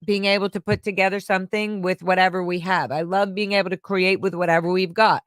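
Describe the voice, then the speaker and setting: A woman's voice: lowish voice, fairly even intonation, quick pace, no room sound, clean studio sound. A woman hosting a casual livestream. She chats, giggles, and reads viewers' comments aloud into a microphone. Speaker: livestream host. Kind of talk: casual live chat answering viewer questions.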